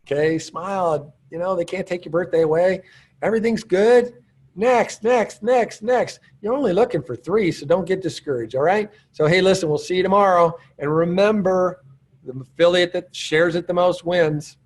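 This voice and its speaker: A man's voice: sits high, a little fast. A man giving a casual, encouraging training talk to newcomers, chatty and self-deprecating. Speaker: business trainer.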